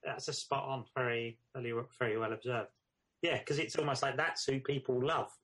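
Husky, agreeable male podcast co-host. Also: medium pitch, fairly bright tone, rough recording. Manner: agreeable, quick to affirm. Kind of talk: casual film chat.

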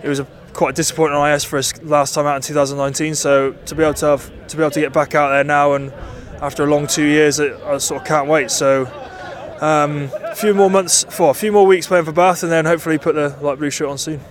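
A man rugby player answers post-match questions in a quick, casual way, with plenty of "like". He talks fast with a slightly high voice, recorded outdoors with street noise. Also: fairly even intonation.

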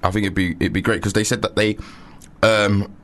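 A man's voice: fairly low pitch, flat delivery, moderate pace, fairly bright tone. A young man, co-hosting a radio show in casual, joking banter, rambling and full of slang. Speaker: radio co-host.

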